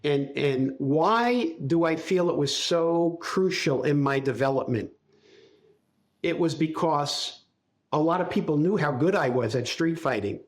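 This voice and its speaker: An older man as a podcast guest, recalling his life in a reflective, halting storytelling way. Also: fairly high pitch, animated. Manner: reflective, speaks in halting restarts while recalling. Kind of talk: casual interview storytelling.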